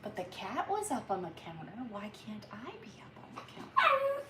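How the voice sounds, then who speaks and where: A woman voicing her small female pet dog, pleading in a high, whiny voice. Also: huge pitch swings, moderate pace, noisy background. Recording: roomy sound from a distant mic.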